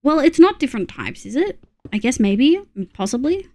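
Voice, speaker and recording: A woman's voice: high voice, very animated, normal speed, darkish tone. A woman with an Australian accent streaming a game, grumbling and swearing freely while chatting to her viewers. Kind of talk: casual game stream chat.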